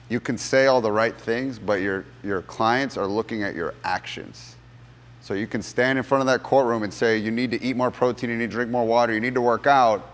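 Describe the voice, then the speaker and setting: A low-pitched man leads a sales workshop for gym coaches, talking with lively conviction. He slips into the voices of the people in his stories as he tells them. His voice rings out with the long reverb of a large room. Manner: animated storyteller, acts out courtroom voices. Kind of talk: motivational workshop talk with storytelling.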